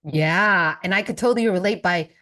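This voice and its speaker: A woman's voice: lowish voice, moderate pace, sharp tone. A woman from the United States, a podcast guest, chatting in a playful way and laughing easily. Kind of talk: casual podcast chat.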